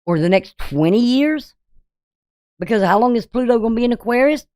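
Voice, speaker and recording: A woman's voice: on the high side, expressive, fairly quick, a little mellow, no echo, clean studio sound. A woman astrologer giving a forecast in an emphatic, preachy way, firing off rhetorical questions at her viewers. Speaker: astrologer and tarot reader.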